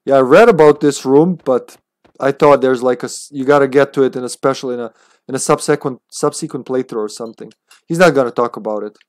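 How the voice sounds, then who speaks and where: A man's voice: mid-range voice, fast talker, darkish tone, no echo. A man streaming a game, chatting casually as he plays, swearing freely and thinking aloud. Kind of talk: casual gameplay commentary.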